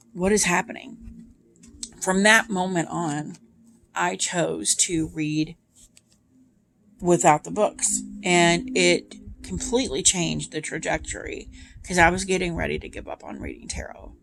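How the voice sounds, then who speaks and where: A woman's voice: on the low side, creaky. A woman tarot reader chatting casually to her viewers, full of ums and asides. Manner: chatty, many ums, speaks of feelings. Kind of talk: casual chat to camera.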